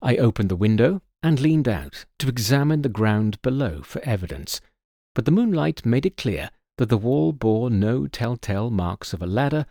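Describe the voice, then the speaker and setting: A man narrating a mystery story in a scripted, expressive storytelling manner. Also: mid-range voice, no room sound, studio quality.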